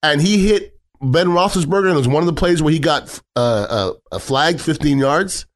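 A man's voice: fairly high pitch, normal speed. A middle-aged man giving a blunt, heated sports talk rant on football, swearing freely and repeating himself as he drives his points home.

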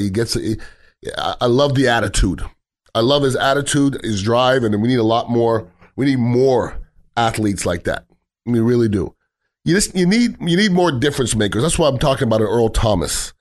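A man's voice: medium pitch, lively intonation, moderate pace. A middle-aged man giving a blunt, heated sports talk rant on football, swearing freely and repeating himself as he drives his points home.

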